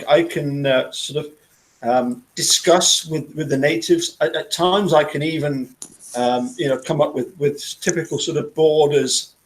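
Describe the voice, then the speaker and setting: A man in casual conversation who talks haltingly, often repeating words as he goes. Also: fairly high pitch. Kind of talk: casual chat.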